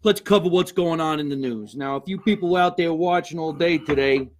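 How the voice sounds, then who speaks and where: Male New comic host, profane, quick jokes, slightly high pitch. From New York. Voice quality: brash, profane, jokey. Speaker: comedian host. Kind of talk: live comedy podcast banter.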